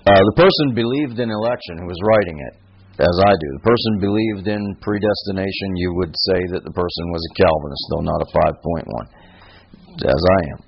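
A man's voice: deep voice, a little fast, vocal fry, slightly rough. A man preaching a sermon, emphatic and repeating phrases, asking his listeners questions. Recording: dull lo-fi recording.

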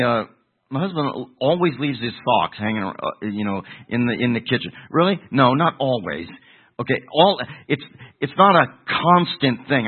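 A man's voice: medium pitch, slightly rough, phone-quality sound. A middle-aged man preaching an expository sermon, emphatic, often repeating words as he builds a point. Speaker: pastor.

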